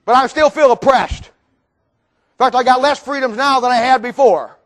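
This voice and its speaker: A man preaching a sermon in a fiery, folksy way, full of rhetorical questions and sudden bursts of shouting. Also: extremely high pitch, normal speed.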